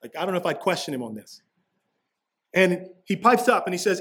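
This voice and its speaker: A man's voice: sits high, very animated, moderate pace, long pauses, fairly bright tone. A man preaching a sermon as pastor, walking through a passage in a casual, conversational way with slangy asides.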